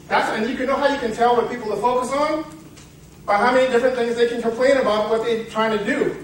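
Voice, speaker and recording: A man's voice: sits high, normal speed, far from the mic, slight background noise. Rambling man speaking in an echoey hall. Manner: rambling storyteller, self-interrupting, playful asides. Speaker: seminar speaker. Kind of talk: motivational talk with a told parable. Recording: echoey hall, picked up from afar.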